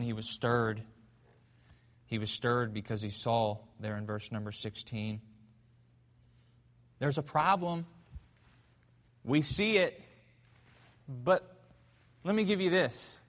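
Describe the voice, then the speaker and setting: A man preaching a sermon as pastor in a church, telling a story fervently, swinging between loud and hushed. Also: a little high, in a large hall. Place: church sanctuary.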